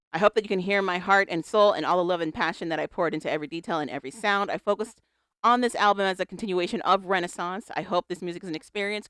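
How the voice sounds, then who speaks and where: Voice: medium pitch, fairly bright tone, clean tone, dry recording. Dry-voiced podcast co-host reading aloud. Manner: chatty, reads statements aloud with wry asides. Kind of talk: casual pop-culture chat.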